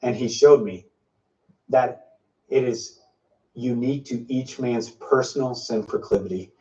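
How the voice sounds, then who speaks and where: A man's voice: medium pitch, measured pace, mellow. A man giving informal prophetic teaching, emphatic and piling up repeated phrases. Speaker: preacher sharing a prophetic word. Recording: dull, slightly distant lo-fi sound.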